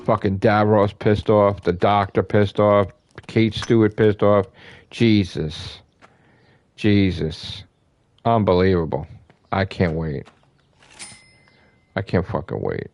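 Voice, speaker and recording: Low-voiced man in a profane fan rant. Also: steady tone, slow, darkish tone, dry recording. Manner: emphatic, profane, repeats himself. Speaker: gaming channel host. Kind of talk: excited fan rant to camera.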